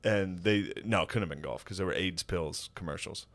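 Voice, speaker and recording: A comedian co-hosting a podcast, telling family stories in casual chat and laughing through them. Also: male voice, deep voice, brisk, fairly bright tone.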